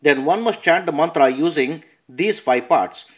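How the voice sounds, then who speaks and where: A man reading a scripture translation aloud at a measured pace, announcing verse numbers and notes and sometimes correcting himself. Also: fairly high pitch, lively intonation, husky. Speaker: narrator.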